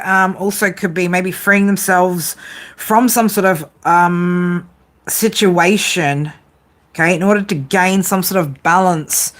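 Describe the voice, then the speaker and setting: A psychic tarot reader does a casual live reading, teasing her viewers and swearing freely as she talks through the cards. The banter is playful and profane. Her voice is lowish and a bit bright.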